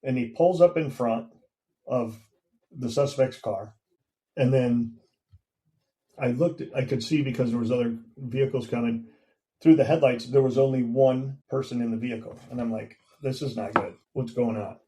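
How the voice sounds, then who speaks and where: Mellow-voiced man in his fifties telling a story. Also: medium pitch, normal speed, rough recording. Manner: recounts events plainly, acting out quoted dialogue. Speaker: guest, veteran and former police officer. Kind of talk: conversational podcast storytelling.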